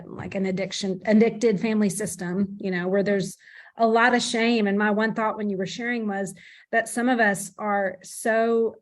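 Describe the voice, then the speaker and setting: Enthusiastic, reflective woman co-host. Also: medium pitch. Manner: enthusiastic and reflective, full of fillers. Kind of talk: reflective discussion.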